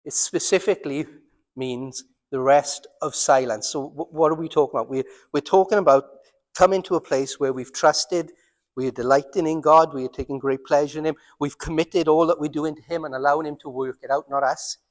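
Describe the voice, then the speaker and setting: A man with a Welsh accent preaching a sermon as pastor, earnest, slowing down and dropping his voice for emphasis. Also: on the high side, big-room sound. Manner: earnest, slows down and drops to near silence for emphasis. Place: church.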